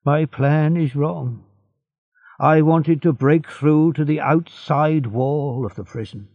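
A man voicing a frail, sad old male prisoner who speaks in a measured, instructive way, on a slightly muffled recording. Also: on the high side, long reverb tail, voice pushed up. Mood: instructing.

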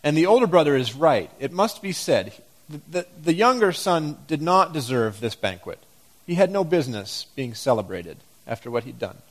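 A man's voice: on the high side, sing-song, moderate pace. A man preaching a sermon, reading scripture aloud and asking the congregation reflective questions.

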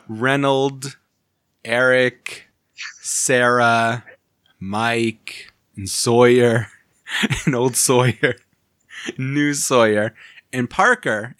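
A man's voice: mid-range voice, fairly bright tone, dry recording, studio quality. Man giggling through rambling podcast chat. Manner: laughs often, rambling and self-amused. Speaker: podcast co-host.

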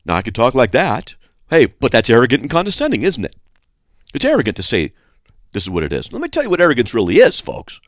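A man hosting a radio show, reading listener mail aloud with sarcastic, animated commentary and frequent throat clearing. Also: mid-range voice, fast talker, dry recording, clean studio sound.

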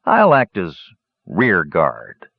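A man's voice: deep voice, wildly swooping pitch, very slow, creaky, slightly rough, no echo, heavily acted. A man playing a lazy, indulgent young warrior. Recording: dull lo-fi dry recording.

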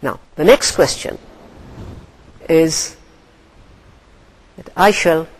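Slow, expressive woman lecturer. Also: low-pitched, rough recording. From Pakistan. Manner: slow, deliberate, expressive reading. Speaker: English lecturer. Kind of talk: lecture with story reading.

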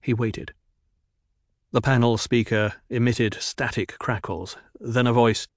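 A steady male audio drama narrator. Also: mid-range voice, measured pace, no room sound, clean studio sound.

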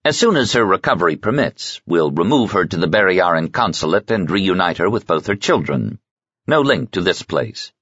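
A male narrator voicing a confident male investigator who talks smoothly and persuasively, with a husky voice. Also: low-pitched, sing-song, normal speed, a bit bright, no room sound, full character voice. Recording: slightly muffled sound.

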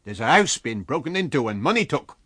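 A dogged village constable , played by a male storyteller, speaks bluntly in a rustic way with a lively rise and fall. The voice is slightly husky and dry, close to the mic. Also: medium pitch, fairly quick, no echo. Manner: plain-spoken, rustic dialect.

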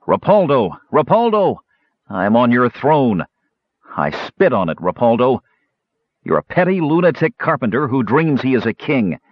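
A man's voice: a little high, big pitch swings, unhurried, breathy edge, dry recording, pitched above the performer's own voice, heavily acted. A man voicing a brave young male knight, who calls out in a bold, commanding way. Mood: defiant. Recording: slightly dull lo-fi recording.

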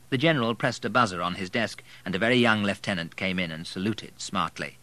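Lower-voiced male audiobook narrator, bright tone. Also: brisk, hardly any pauses, no echo. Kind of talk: scripted narration.

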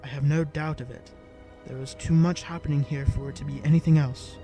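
A man voicing a calm, steady older male warrior-monk who speaks in a grave, measured, respectful way. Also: on the high side, soft background music, lightly acted. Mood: earnest.

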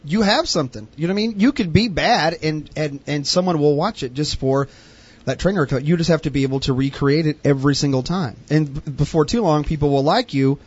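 A male co-host with a slightly high voice who rambles, restarts and keeps asking if you follow him. The chat has a dull, lo-fi sound. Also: a little fast, darkish tone, husky. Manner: rambling, restarts and "you know what I mean". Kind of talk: casual radio show banter. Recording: dull lo-fi recording.

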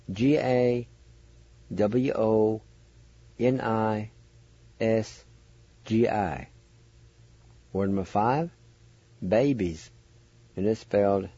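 A man teaching word spellings and pronunciation on a radio show, spelling letter by letter in a slow, patient way. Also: fairly low pitch, mellow, slightly rough, no room sound, dull audio. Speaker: language teacher and radio host.

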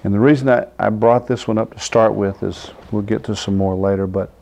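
A man with a lowish, dark, creaky voice preaches an informal sermon at a fairly quick pace and a steady tone. He reads scripture aloud and speaks conversationally, frequently asking his listeners "do you understand?" He acts out the figures he quotes, laughing as he does.

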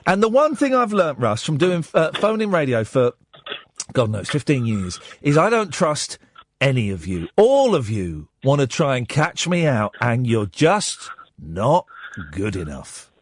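A man with an English accent hosting a late-night phone-in radio show, telling animated stories with mocking asides. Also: medium pitch, a little slow, dry recording, studio quality. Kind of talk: casual phone-in chat. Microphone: studio microphone.

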